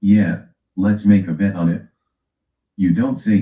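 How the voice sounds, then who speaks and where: A man's voice: on the low side, a little slow, warm tone. A man from the West Coast of the US hosting a casual livestream, teasing his chat and reading a timer aloud. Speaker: livestream host. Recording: echoey room, dull lo-fi sound.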